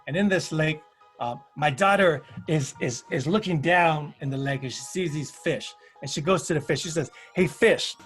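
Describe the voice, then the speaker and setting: With faint music behind him, a man presents on a panel, telling stories with acted-out quotes and leaning on rhythmic, repeated emphatic phrases. He speaks at a moderate pace in a slightly high, a bit bright voice.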